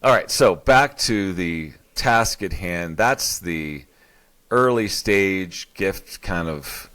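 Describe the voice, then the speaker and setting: A man's voice: low-pitched, lively intonation, takes it slowly, fairly bright tone. A middle-aged man co-hosting a casual conversation, rambling with many restarts and fillers. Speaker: podcast co-host.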